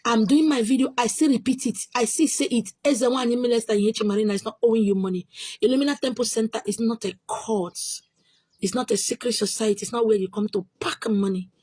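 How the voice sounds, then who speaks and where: This Nigerian woman speaks with a Nigerian accent in a husky, dark-toned voice on the high side, at a quick pace. A spiritual teacher answering viewer questions on her channel, she presses her points emphatically and repeats them. There's no echo.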